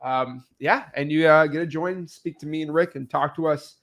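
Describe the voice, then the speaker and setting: This man co-hosts a casual business show, spinning lively stories and fielding viewer questions. He tells them like an animated storyteller, his pitch shifting quickly.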